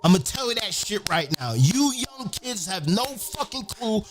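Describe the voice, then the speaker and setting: Hyped-up guy talking over a beat, voice a bit high, swears a lot, half sings it. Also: measured pace. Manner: animated, profane, half-singing lines. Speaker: event host. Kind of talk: excited monologue over a beat. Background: music.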